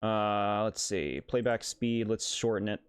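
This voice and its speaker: A man streams a game with casual commentary, his voice lower and clean in tone, speaking a little slowly. Exasperated and sarcastic, he laughs often; the recording is dry, clean studio sound.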